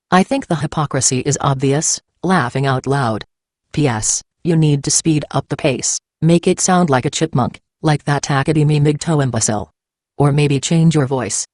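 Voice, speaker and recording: A man's voice: a little high, a little mellow, no room sound, clean studio sound, natural voice. A man reading out a snide, dismissive female online commenter in a put-on voice.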